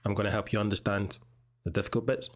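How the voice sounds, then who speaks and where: A man from Scotland with a Scottish accent, teaching English in a relaxed, chatty way as he comments on a video. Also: fairly low pitch, quick pace. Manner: relaxed, chatty, explains pronunciation.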